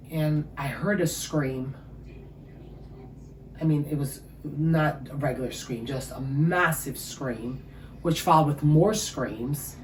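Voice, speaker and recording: A woman's voice: sits low, slow pace. A woman, giving an emotional personal testimony as an interview guest. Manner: emotional, storytelling, animated. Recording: echoey room with faint ambient noise.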